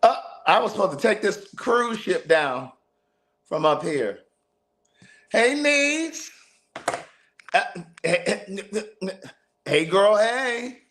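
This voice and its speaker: A man's voice: fairly high pitch, lively intonation, slow, pauses often, fairly bright tone. A man hosting a casual live stream, greeting viewers by name with playful, sassy banter.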